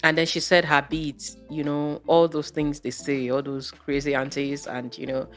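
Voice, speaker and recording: Woman vlogger, low voice, chatty and exasperated, faint music underneath. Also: level tone, normal speed, fairly bright tone. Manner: chatty, exasperated, rhetorical questions. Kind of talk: casual storytelling monologue.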